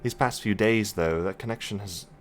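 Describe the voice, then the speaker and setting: A man reading the lines of an earnest young woman, in a soft and sincere way. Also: fairly low pitch, moderate pace, soft background music, close to an everyday voice. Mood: worried.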